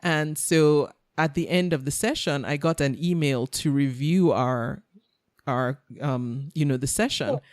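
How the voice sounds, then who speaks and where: Brief: low-pitched woman host, chatty, dry close sound. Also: unhurried, a little mellow, dry recording. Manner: chatty, restarts her sentences often. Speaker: podcast host. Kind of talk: casual interview chat.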